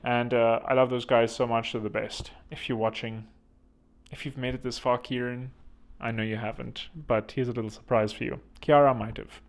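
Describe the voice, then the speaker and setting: A man's voice: medium pitch, level tone, normal speed. A man hosting a comedic self-help monologue, rambling and joking crudely at his own expense. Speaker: host.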